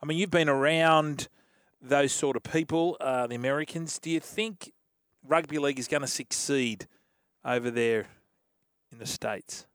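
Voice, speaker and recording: A male radio co-host, joking around and firing off quick questions. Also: medium pitch, a bit bright, clear, resonant tone, dry recording, studio quality. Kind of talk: casual radio chat.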